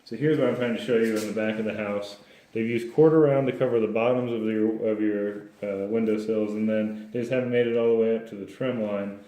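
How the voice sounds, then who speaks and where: Low, flat-voiced man in an echoey room. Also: a little fast. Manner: plain, practical, with frequent restarts. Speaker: home inspector. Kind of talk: explaining inspection findings to a client.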